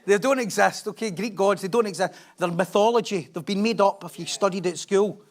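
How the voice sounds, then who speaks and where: A middle-aged man preaches in a loose, conversational way, with a voice that sits noticeably high. He jokes at his own expense, tosses questions out to the congregation and slips between storytelling and reading Bible verses aloud. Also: a little fast. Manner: chatty, humorous, asks the congregation questions; animated storytelling, laughs at himself. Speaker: pastor.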